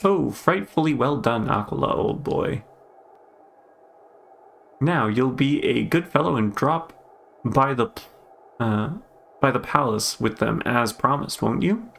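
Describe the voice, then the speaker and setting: A man's voice: mid-range voice, animated, a little slow, creaky, pauses often, a bit bright, full character voice. A man voicing a smug male monarch in an exaggerated, plummy upper-class drawl while reading game dialogue aloud.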